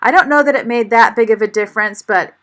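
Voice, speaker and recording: A woman's voice: fairly high pitch, fast, fairly bright tone. An older woman from Maine, narrating her home vlog in a chatty, self-deprecating way and laughing often. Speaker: vlogger. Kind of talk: casual voice-over narration.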